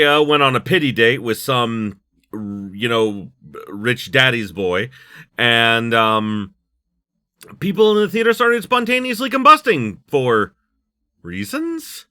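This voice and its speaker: A man's voice: mid-range voice, sharp tone, clean tone, no echo. Thirtysomething guy rambling through a let's play, voice jumps all over, dead dry close mic. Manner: rambling, lots of likes and you knows. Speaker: gaming YouTuber.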